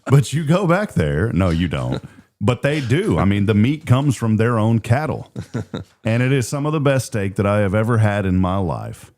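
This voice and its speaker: A man's voice: lowish voice, big pitch swings, moderate pace, a little mellow. A middle-aged man hosting a morning radio show, chatting casually, joking and laughing often.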